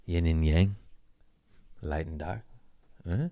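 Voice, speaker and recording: Deep-voiced guy rambling through funny stories at home, cussing a lot, dry room. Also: slow, mellow, no room sound. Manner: loose, jokey, swearing, trailing asides. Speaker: podcast host. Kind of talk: casual rambling storytelling.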